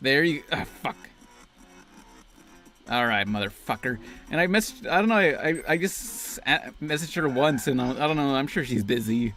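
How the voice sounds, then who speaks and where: A man's voice: mid-range voice, expressive, normal speed, a bit bright, faint music behind. A man in a video telling an awkward personal story while gaming, hesitant, stammering and self-deprecating. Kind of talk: vlog storytelling over gameplay.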